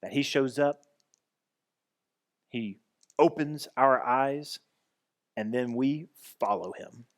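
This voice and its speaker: A man's voice: mid-range voice, slow, long pauses. A man pastor giving a conversational sermon, restarting and repeating phrases as he goes.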